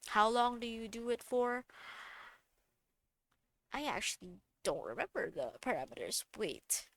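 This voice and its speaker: A woman's voice: fairly high pitch, sing-song, unhurried, fairly bright tone, dry recording. A woman casually explaining physiotherapy techniques in a recorded lesson, often correcting herself and going off on tangents with self-deprecating asides. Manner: chatty, digressive and self-correcting.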